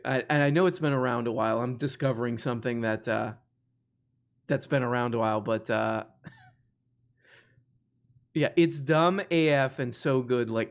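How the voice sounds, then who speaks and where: A man hosting a live call-in stream, talking in a loose, rambling way. He laughs often and restarts his sentences again and again. His voice sits at an ordinary middle pitch. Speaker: host. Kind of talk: casual live-stream chat.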